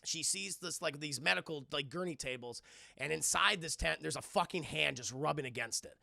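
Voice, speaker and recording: Young male streamer, gravelly and sharp-toned, excitable and profane, acting out scenes for chat. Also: fairly high pitch, moderate pace, no echo, studio quality. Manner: profane, excitable, acts out characters' lines. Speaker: streamer reviewing a film. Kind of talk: animated casual recap to live chat. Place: home streaming setup.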